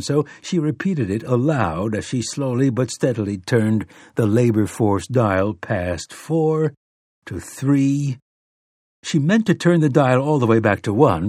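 Man, audiobook narrator, steady dramatic reading, husky, dry. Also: mid-range voice, no echo. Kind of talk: scripted narration.

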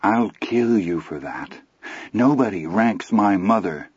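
Man voicing a teenage gang leader, smug, soft threatening drawl, low husky voice, audiobook, muffled. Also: lively intonation, slow pace, no echo, exaggerated voice. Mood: menacing. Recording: slightly muffled recording.

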